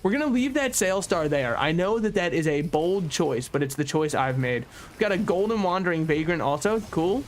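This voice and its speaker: A man's voice: fairly high pitch, lively intonation, moderate pace, a little hiss or hum. A man streaming a video game, rambling and joking in casual commentary and often laughing at his own remarks.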